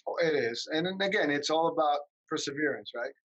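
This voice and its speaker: A man hosts a casual interview chat on a podcast, upbeat and talkative, posing long rambling questions. His fairly high voice is expressive and brisk, and the audio has its highs cut off.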